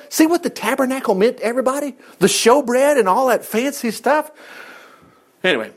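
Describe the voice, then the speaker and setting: A man preaching a folksy, animated sermon, reading scripture, acting out the quoted lines and laughing often. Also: extremely high pitch, normal speed, breathy edge.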